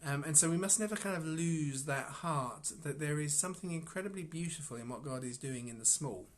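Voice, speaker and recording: A man sharing an informal devotional reflection on scripture as a Bible teacher. He muses aloud and keeps stopping to restart his sentences, breaking off with soft chuckles. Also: on the high side. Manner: musing, halting, with frequent restarts and soft chuckles.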